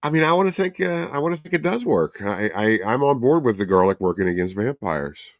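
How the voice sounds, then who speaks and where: A man's voice: medium pitch, animated, brisk, no room sound. A man co-hosting a casual podcast chat, joking around and laughing often. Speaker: co-host.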